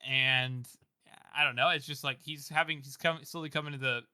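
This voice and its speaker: A man co-hosts a podcast in a casual book discussion, rambling loosely with lots of "like" and "you know" and frequent laughter. His mid-range voice is steady, sharp, and smooth at normal speed. The studio-quality recording has no echo.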